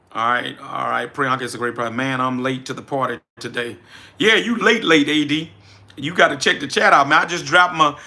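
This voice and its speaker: A man with a Southern Louisiana drawl chats live with his viewers. His voice sits high and rings very bright. He talks with energy and repeats his points like a preacher. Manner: energetic, reads chat names aloud, preacherly repetition. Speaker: livestream host, business coach. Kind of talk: casual livestream chat.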